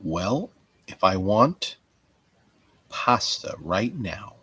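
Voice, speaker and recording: A man hosting a rambling solo podcast, swearing and joking as he thinks aloud. His pitch swings widely, from bursts to mutters, and the sound is close and dry with no room around it. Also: expressive, a little slow, fairly bright tone, no echo. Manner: profane, rambling, jokey. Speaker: podcast host. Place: home.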